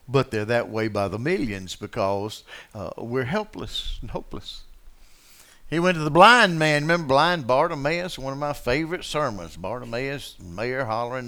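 Preacher guy, bright clear voice, folksy and chatty, goes quiet then gets loud. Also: medium pitch, lively intonation, normal speed. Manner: preaching with swings from quiet asides to loud, passionate acted quotes; folksy, conversational, asks the congregation questions. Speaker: pastor. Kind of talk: sermon.

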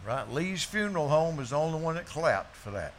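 High-voiced preacher, folksy and emphatic. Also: male voice, very animated, fairly quick, slight background noise. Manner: folksy, emphatic storytelling with rhetorical questions. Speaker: pastor. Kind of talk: sermon. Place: church before a congregation.

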